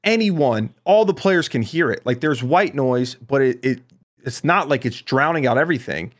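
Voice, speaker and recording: A man co-hosts a casual esports podcast and rambles through his points, restarting sentences and swearing as he gets worked up. His voice sits at an ordinary middle pitch. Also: expressive, normal speed. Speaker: podcast co-host.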